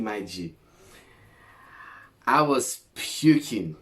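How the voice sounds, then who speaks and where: Slow-talking young man, swearing storyteller. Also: mid-range voice. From Greece. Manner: animated, swears a lot, slangy. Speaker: vlogger. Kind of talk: casual storytelling to camera.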